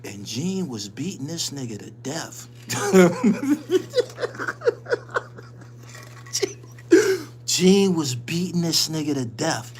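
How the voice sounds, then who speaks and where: A man's voice: on the high side, huge pitch swings, drawn-out words, pauses often, a little mellow, slight background noise. A man hosting his channel, telling a story in casual, profane street slang and laughing often as he goes. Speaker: channel host.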